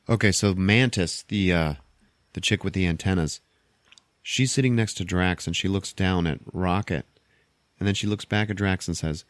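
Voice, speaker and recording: A man with a fairly low voice runs through a film's plot for his podcast, loose and offhand, dropping the odd swear. He is close on the mic in a dry room with no echo. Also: moderate pace. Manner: offhand, profane retelling. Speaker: podcast host. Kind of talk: casual movie recap.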